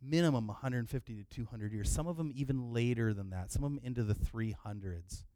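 A middle-aged man preaching a sermon in a relaxed, conversational way, often restarting his phrases. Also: medium pitch, brisk, no echo. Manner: conversational, repeats words when restarting. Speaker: pastor.

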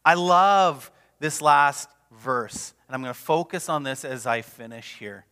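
A man's voice: a little high, measured pace, clean tone. Passionate preacher man in a reverberant hall. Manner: passionate, emphatic preaching with sudden drops to a hush. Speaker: pastor. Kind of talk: sermon. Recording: long reverb of a large hall.

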